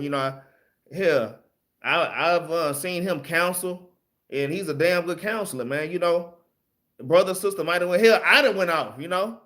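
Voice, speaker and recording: Leading a laid-back Bible study, this man speaks in a fairly bright, somewhat high voice. His style is loose and plain-spoken, with "man" tacked onto many phrases and the occasional mild curse.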